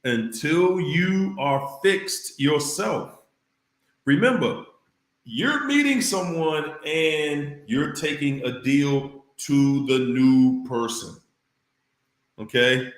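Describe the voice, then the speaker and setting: A man talks slowly and deliberately, giving advice to his viewers. He repeats his points like a preacher and shouts out loud exclamations between them. His voice carries the echo of a bare room. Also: on the high side. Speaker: livestream host reading viewer comments. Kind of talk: casual livestream talk.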